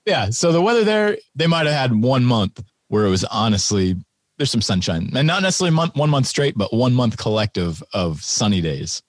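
A man's voice: medium pitch, sing-song, moderate pace, dry recording, clean studio sound. A man in his thirties, a podcast guest, telling stories in a laid-back, wry way and laughing often. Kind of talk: casual conversational storytelling.

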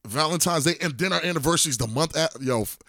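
A man's voice: on the high side, fast, pushed and bright, dry recording, clean studio sound. A man co-hosting a podcast in casual chat, blunt, profane and teasing as he argues his point. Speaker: podcast co-host.

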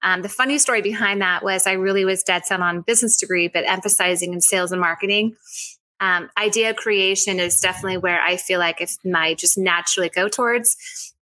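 A woman in her forties answers podcast questions with a bright, forceful tone. She is gracious and keeps her answers going in long, flowing runs. Her pitch sits in an ordinary middle range. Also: a little fast, low-quality recording. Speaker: whiskey company founder, guest. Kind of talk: podcast interview.

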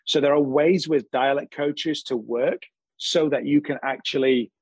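Husky-voiced man explaining acting craft. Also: fairly high pitch, fairly even intonation, a little slow, no echo, low-quality recording. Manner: earnest, explanatory, says "bro". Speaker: acting teacher and guest. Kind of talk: casual interview chat.

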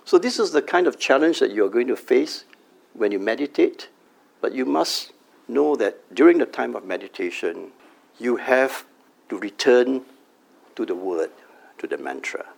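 Middle-aged man, meditation teacher type, gravelly voice with fry, calm measured delivery, drawn-out chanting. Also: mid-range voice. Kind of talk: meditation workshop talk. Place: company workshop room.

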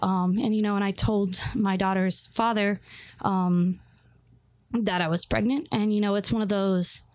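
A woman's voice: medium pitch, fairly even intonation, measured pace, a little mellow, no echo. A young adult woman telling her life story as a guest, rambling with many fillers and restarts. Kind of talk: personal testimony interview.

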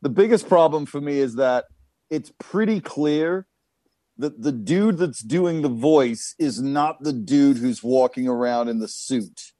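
A man chatting casually on a podcast, rambling and swearing freely as he riffs on what he's been watching. His voice sits at an ordinary middle pitch and is recorded dry and close, with almost no room sound. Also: a little slow, dry recording. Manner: profane, rambling, animated storytelling. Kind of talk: casual chat.

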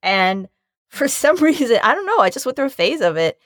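A woman telling a funny story in a casual chat, her pitch swinging widely as she acts out each person in it. The recording is dry and close. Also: a little fast, no echo. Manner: animated storyteller, acts out quoted voices.

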